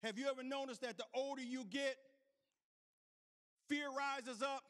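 A male preacher with a notably high voice, preaching through a personal story. He restarts his phrases again and again and keeps checking in with the congregation. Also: fairly even intonation, measured pace, fairly bright tone. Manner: repetitive restarts, calls out to the congregation. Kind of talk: storytelling sermon.

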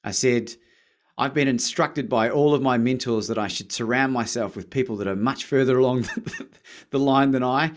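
An Australian man tells his story as a guest on a podcast, in easy, casual talk. He gets animated and acts out his phone calls as he goes. His voice sits in a middle register. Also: mid-range voice, moderate pace.

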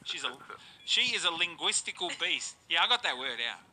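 A man hosts a party-game stream, joking crudely and laughing constantly as he reads answers aloud. His voice is high and bouncy, with a very bright, sharp tone. A faint noise sits under the voice. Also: very animated, fairly quick, soft background music, rough recording. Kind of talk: casual game-night chat.

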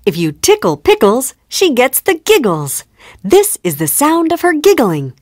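A woman reading children's phonics rhymes in a slow storybook manner, acting out the letter sounds. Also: high-pitched, wildly swooping pitch, no echo, studio quality. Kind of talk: scripted narration for children.

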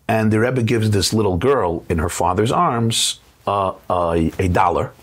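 A middle-aged man with a New York accent tells a story as a guest on a television interview. His low voice is very husky and rough, and his pitch swings widely as he acts out the people he quotes, rushing some phrases and slowing on others. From United States. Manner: animated storyteller, acts out quoted voices, quick bursts then slow.

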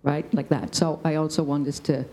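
A woman's voice: sits low, fairly even intonation, moderate pace, darkish tone, poor audio. A woman speaking on a discussion panel, telling a story emphatically and checking in with "right?".

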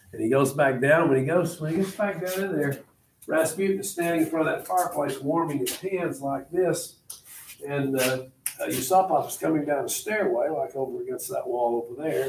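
Gravelly man telling history with drama. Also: fairly high pitch, normal speed. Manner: animated, dramatic storyteller. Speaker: teacher. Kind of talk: classroom history storytelling. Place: classroom.

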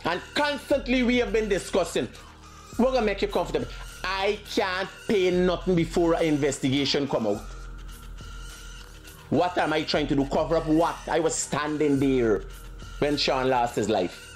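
A man's voice: a little high, moderate pace, soft background music. A Guyanese man speaking emphatically and defensively, insisting on his side of a dispute. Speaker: critic giving his side. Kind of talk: clip of a heated self-defense statement.

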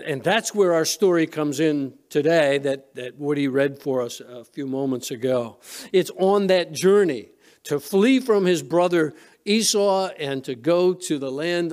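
A man's voice: fairly high pitch, darkish tone. A male pastor preaching a sermon in a church, retelling a story conversationally with frequent restarts. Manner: storytelling, retelling scenes with quoted voices. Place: church sanctuary.

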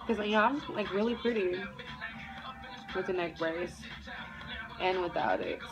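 A young woman in a neck brace telling a story in an animated, profane, casual way and acting out everyone's voices. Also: lowish voice, measured pace, muffled recording, music in the background. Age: young adult. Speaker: vlogger.

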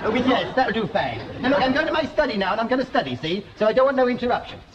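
A man's voice: very high voice, sing-song, racing, heavy background noise. A cheeky common peasant posing as king. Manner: cheeky, blunt, common-spoken. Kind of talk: 1970s TV sketch comedy. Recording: dull old TV recording with studio audience laughter.

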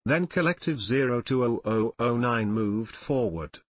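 A man narrating an audiobook in a steady, solemn way. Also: mid-range voice, measured pace.

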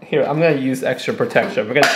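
A man, a professional hairstylist, reviewing a flat iron in a chatty, excitable, dramatic way. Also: medium pitch, rapid-fire. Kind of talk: casual product review vlog.

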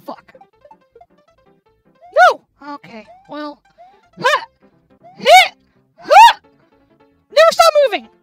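A tipsy young woman with an extremely high, bouncing voice that leaps all over the place, shouting and cursing at a video game. Her commentary is loud and foul-mouthed. Faint game music plays softly behind her. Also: no room sound, low-quality recording. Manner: loud, swearing, yelling at the game. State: tipsy from drinking. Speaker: gamer playing and commenting. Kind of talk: let's play commentary while drinking.

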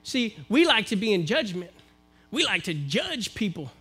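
Man, American accent, minister preaching a live church sermon, high-pitched, forceful build-ups. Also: very animated, moderate pace, husky, faint music behind. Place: church, live-streamed service.

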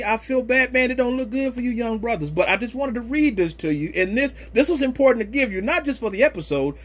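High-voiced pastor guy preaching on his podcast, gets loud then goes real low, slangy asides. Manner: impassioned, swinging between loud exhortation and low murmurs.

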